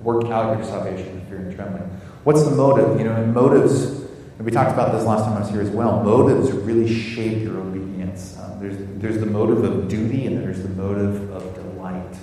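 American guy preaching, low mellow voice, far from the mic in a big echoey hall. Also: steady tone, normal speed, slight background noise. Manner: earnest, repeats words while searching for phrasing. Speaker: pastor. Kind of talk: sermon.

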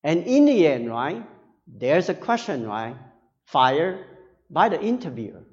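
Male pastor, sermon, halting and earnest, lively pitch, muffled hall recording. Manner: halting, earnest, tags phrases with "right?". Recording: dull sound with long hall reverb.

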